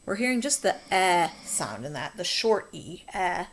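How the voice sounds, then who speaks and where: A woman's voice: fairly low pitch, big pitch swings, normal speed. A woman teacher talking students through a phonics coding lesson, patient and encouraging.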